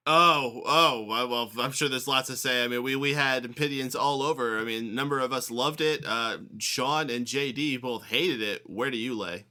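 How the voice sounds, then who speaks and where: A man's voice: medium pitch, normal speed, hardly any pauses, bright, forceful tone. A man hosting a podcast, chatting casually and easygoing. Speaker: podcast host. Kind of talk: casual chat.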